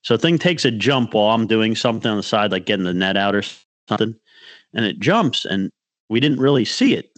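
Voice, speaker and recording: A man's voice: fairly low pitch, lively intonation, fairly quick, no echo. A man co-hosting a podcast, telling a rambling fishing story in casual chat and acting out what others said. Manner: rambling storyteller, restarts, acts out quotes. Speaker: podcast co-host.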